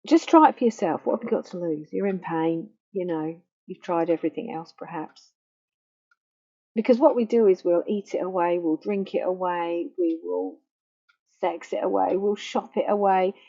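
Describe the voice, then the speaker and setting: A woman counselling on grief in a gentle, slow, reassuring way that softens to a near hush. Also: fairly low pitch, creaky. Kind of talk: guided self-help talk. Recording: dull lo-fi faulty microphone.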